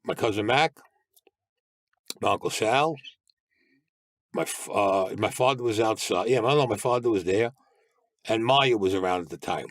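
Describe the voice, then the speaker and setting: A man's voice: fairly low pitch, lively intonation, moderate pace, long pauses, no echo. An older man, a guest telling blunt, streetwise stories full of profanity. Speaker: interview guest. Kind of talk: casual storytelling.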